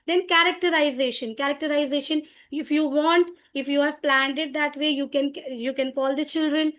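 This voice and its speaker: A high-voiced middle-aged woman leads a teacher training session. She talks in an animated, demonstrative way and often restarts her sentences as she explains. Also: moderate pace.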